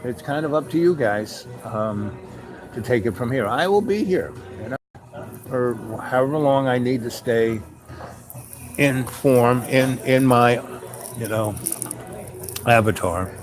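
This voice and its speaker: A man's voice: medium pitch, expressive, takes it slowly, long pauses, a crowd in the background. Rambling man talking to his listeners. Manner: meandering, full of "you know" asides; acts out little dialogues with raised voice. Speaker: show host. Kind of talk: rambling casual monologue.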